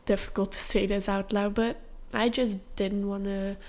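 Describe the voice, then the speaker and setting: A young woman hosting a podcast, telling a personal story in a candid, confessional way with soft fillers. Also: medium pitch, flat delivery, normal speed. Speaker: podcast host.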